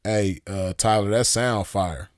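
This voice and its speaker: There's no echo and clean studio sound as a man in his forties speaks at a measured pace in a fairly low voice. Hosting a show, he tells viewers rambling, slangy stories in casual chat, laid-back and quick to laugh.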